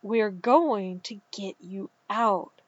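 Woman reader doing a reckless, easygoing young man, slow-spoken, dull dry recording. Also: medium pitch, pitched below the performer's own voice. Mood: urgent.

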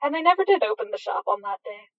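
A woman reading a story aloud in a slow, measured way. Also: fairly high pitch, big pitch swings, dry recording, far from the mic. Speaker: narrator. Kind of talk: reading fan fiction aloud. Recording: dull, dry, lo-fi.

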